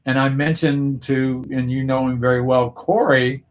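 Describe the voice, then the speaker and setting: Male interview guest, mid-pitched voice, reflective and earnest, over a video call. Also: steady tone, moderate pace. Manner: earnest and reflective, with frequent restarts.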